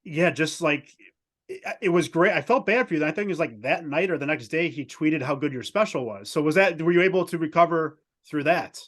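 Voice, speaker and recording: A man's voice: a little high, expressive, brisk, a bit bright. A man interviewing a guest, asking friendly questions with hesitant starts and fillers. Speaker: entertainment reporter, interviewer. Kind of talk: casual interview.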